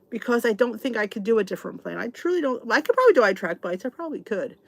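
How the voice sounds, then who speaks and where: A woman's voice: on the high side, expressive, fast, vocal fry, dry recording. A middle-aged American woman hosting a casual live chat, answering viewers' comments in a chatty, exasperated way with lots of restarts. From United States. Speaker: channel host.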